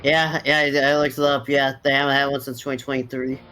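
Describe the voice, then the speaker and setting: A man's voice: mid-range voice, flat delivery, fairly quick, bright, forceful tone, soft background music. A man chatting casually on a game stream, mostly giving short reactions and reading out facts he looked up. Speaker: co-host friend. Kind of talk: casual chat.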